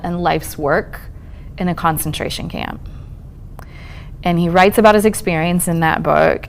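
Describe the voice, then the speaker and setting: A woman's voice: fairly low pitch, vocal fry, slight background noise. A woman therapist giving a conversational talk to an audience at a college event, reassuring and checking in often. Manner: conversational, reassuring, frequent "um" and "okay?" check-ins. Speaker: speaker on trauma and resilience, therapist. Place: lecture room at a college event.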